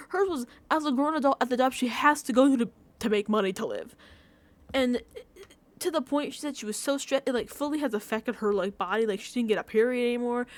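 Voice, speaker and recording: A young woman vlogger reacts to a reality show, recapping it in a casual, animated rant. Her voice is mid-range, she uses lots of filler, and she often laughs at her own exasperation.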